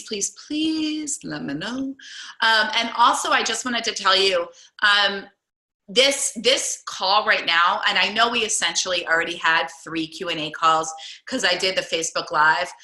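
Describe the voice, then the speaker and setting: A woman's voice: medium pitch, sharp tone. A woman coaching a group on a call, chatty and encouraging, with many fillers. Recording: roomy echo.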